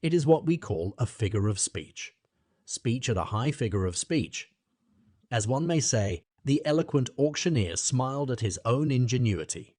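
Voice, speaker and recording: A man narrating a classic novel as an audiobook, in a measured, even way. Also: mid-range voice, no echo, studio quality.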